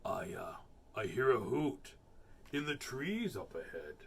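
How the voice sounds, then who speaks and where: A man voicing a big, hungry, slow-witted male monster in a storybook reading, talking slowly in a low rumble. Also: big pitch swings, gravelly, exaggerated voice. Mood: lumbering.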